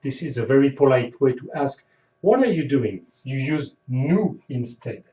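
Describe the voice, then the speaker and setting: A man teaching a lesson in a slow, unhurried way, his pitch rising and falling a lot as he repeats example phrases. His voice is mellow and somewhat dark. The recording is dull and roomy, as if the mic sat a little away from him. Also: lively intonation. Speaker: language teacher. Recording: echoey room, dull sound, mic at a distance.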